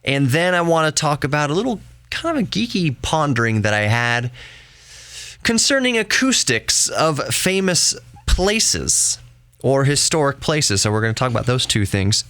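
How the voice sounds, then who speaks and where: A man's voice: fairly high pitch, sing-song, normal speed, fairly bright tone, no room sound. A man in his thirties hosting a solo podcast from home, rambling casually and laughing easily. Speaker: podcast host. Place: home room with laptop running.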